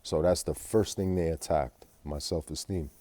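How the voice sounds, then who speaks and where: A man's voice: deep voice, fairly even intonation, normal speed, dark tone, dry recording. A man telling a rambling, profane personal story in a vlog, agitated and full of fillers. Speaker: vlogger.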